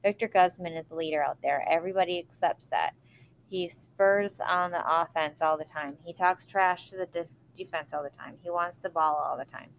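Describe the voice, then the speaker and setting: A woman's voice: fairly low pitch, normal speed, slight background noise. Woman reading a novel aloud. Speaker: reader.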